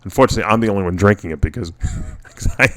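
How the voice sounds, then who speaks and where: A man's voice: fairly low pitch, very fast, fairly bright tone. A middle-aged man hosting a casual radio show, telling personal stories in a rambling way with many restarts. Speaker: podcast host.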